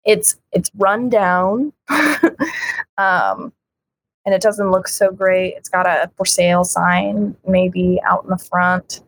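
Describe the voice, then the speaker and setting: A woman's voice: lowish voice, level tone, takes it slowly. A woman co-hosting a casual chat about a comic, frank and giggly, acting out lines as she goes. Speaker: podcast co-host.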